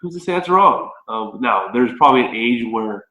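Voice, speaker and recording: A man with an American accent, a baseball coach, talking through his ideas in a relaxed, conversational way as a podcast guest. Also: mid-range voice, normal speed, roomy sound, lo-fi sound. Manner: relaxed, conversational, thinking aloud. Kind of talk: podcast interview.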